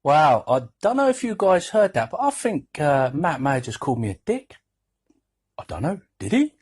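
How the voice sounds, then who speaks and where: British man in his forties, rambling jokey podcast host, slightly high voice. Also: sing-song, normal speed, a little mellow, breathy edge. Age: 40s. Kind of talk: casual podcast chat.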